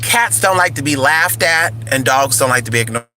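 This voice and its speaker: A man's voice: medium pitch, animated, normal speed, sharp tone, a little hiss or hum, poor audio. A man vlogging in casual chat, playful and crude, calling his viewers honey and y'all.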